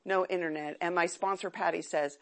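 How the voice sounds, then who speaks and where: Woman, 50s, from California. Gravelly, talkative, frank recovery testimony. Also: lowish voice, fairly even intonation, brisk, fairly bright tone. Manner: chatty, frank, self-mocking. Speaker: speaker sharing at a recovery meeting. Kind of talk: candid personal testimony.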